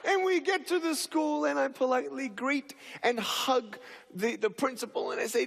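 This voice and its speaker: A man's voice: very high-pitched, moderate pace, vocal fry, fairly bright tone. A man giving a motivational talk on stage, telling a story animatedly and acting out the dialogue. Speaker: motivational speaker. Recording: reverberant hall.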